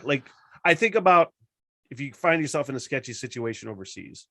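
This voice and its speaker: A man's voice: mid-range voice, expressive, a little fast, bright, forceful tone, no room sound, clean studio sound. A man hosting a podcast, talking in a laid-back, rambling way and swearing often. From northern Michigan. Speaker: podcast host. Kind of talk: casual chat.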